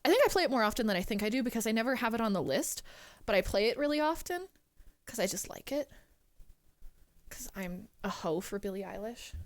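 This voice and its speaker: High, lively young woman streamer. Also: a little fast. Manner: excitable, swearing, thanking donors. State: close to tears. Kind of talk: casual live-stream chat.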